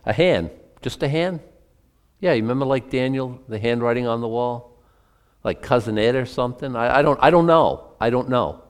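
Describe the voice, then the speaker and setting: A man's voice: medium pitch, moderate pace, smooth. A man giving a conversational Bible-teaching sermon as pastor, asking his listeners questions and adding chatty asides between scripture readings. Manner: asks the congregation questions, chatty asides, reads from old scripture.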